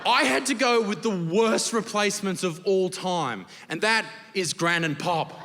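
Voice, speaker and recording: A brash young Australian man telling crude, swearing stand-up stories, his voice pitched high for a man and bursting into shouts at the punchlines. He is on a theatre stage, his voice ringing with long hall reverb over steady background noise. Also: measured pace. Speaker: stand-up comedian. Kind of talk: stand-up comedy. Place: large theatre stage with audience laughter.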